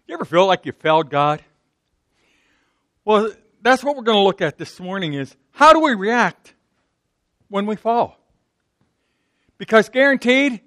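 A man's voice: high voice, pushed and bright, no room sound, clean studio sound. A man from Pittsburgh with a Pittsburgh accent, preaching a sermon in a conversational, folksy way, acting out the quotes. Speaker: pastor.

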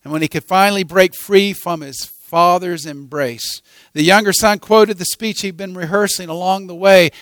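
A male preacher telling a sermon story, his voice sitting high for a man. He swings from hushed passages to loud, dramatic ones. The recording is dry and close, with no room sound. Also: fairly even intonation, normal speed, no echo.

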